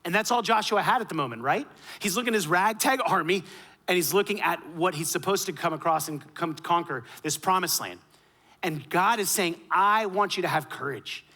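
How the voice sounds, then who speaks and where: A pastor preaching a sermon, switching between loud, emphatic lines and quiet, low asides. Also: lively intonation, fairly quick.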